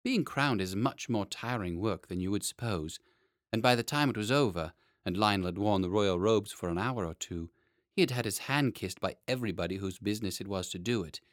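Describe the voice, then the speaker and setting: A man narrating a children's story in an expressive, playful way. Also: lowish voice, a little fast, dry recording, studio quality. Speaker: audiobook narrator.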